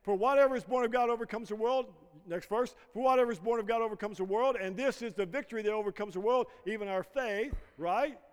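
Male pastor, middle-aged, lively call-and-response preaching, rather high voice, reverberant church hall. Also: fast talker, hardly any pauses, smooth. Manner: call-and-response, prompting the congregation to finish lines. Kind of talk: sermon. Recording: long reverb of a large hall.

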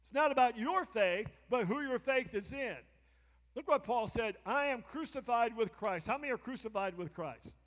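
A man's voice: very high voice, expressive, normal speed, a bit bright, long reverb tail. A male pastor preaching a sermon, emphatic and repetitive, often prompting the congregation to answer. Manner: emphatic preaching with repeated call-and-response prompts. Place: church sanctuary.

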